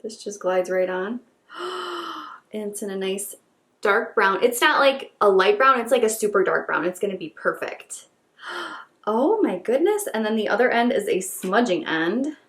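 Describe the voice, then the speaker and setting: A woman's voice: medium pitch, moderate pace. Gushing woman beauty vlogger, echoey room. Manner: gushing, gasping, repeats herself excitedly. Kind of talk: excited unboxing chat.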